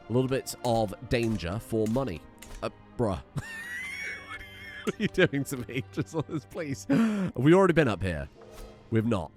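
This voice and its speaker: A young man talks through his gameplay in a casual, excitable way, thinking aloud and swearing now and then. His pitch jumps around a lot as he speaks. Faint music plays quietly underneath. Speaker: let's play host.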